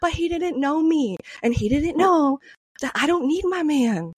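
A woman co-hosting a podcast who tells a story in a casual, animated way, swearing freely and laughing often. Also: high voice, unhurried, dry recording, studio quality. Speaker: podcast co-host.

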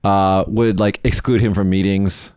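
A man's voice: deep voice, steady tone, a little slow, a little mellow, smooth, no echo, clean studio sound. A man from the States hosting a casual podcast, chatting loosely through news stories and swearing offhand. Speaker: podcast host.

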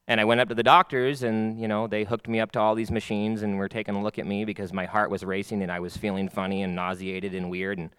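Guy pastor doing a sermon, chatty and jokey then fired up, smooth clear voice. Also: lowish voice, flat delivery, fast, few pauses, fairly bright tone, dry recording. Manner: conversational, self-mocking storytelling; rising to fervent preaching. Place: church.

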